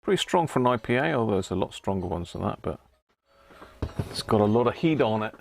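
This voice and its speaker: A man's voice: lowish voice, lively intonation, fast talker, gravelly, darkish tone, a little hiss or hum. A man from Britain hosting a casual live stream, chatting away, often laughing and thanking viewers. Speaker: livestream host.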